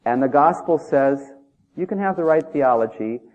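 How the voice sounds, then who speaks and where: A man's voice: a little high, expressive, moderate pace, darkish tone. A man preaching a sermon in an emphatic, conversational way, often asking the listeners questions. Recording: tinny phone-like audio.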